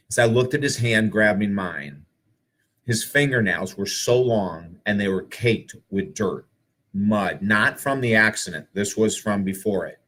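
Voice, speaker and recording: A man with a fairly low voice, an author and speaker, tells spiritual stories to a live audience. He sounds earnest and animated and fills his talk with rhetorical questions.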